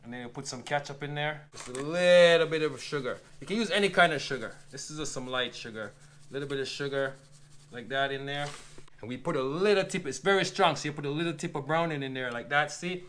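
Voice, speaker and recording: Jamaican man, slightly high voice, easygoing patois cooking chat, faint sizzle behind. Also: fast talker, slight background noise. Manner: relaxed, chatty, patois phrases. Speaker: cook. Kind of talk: casual cooking demonstration.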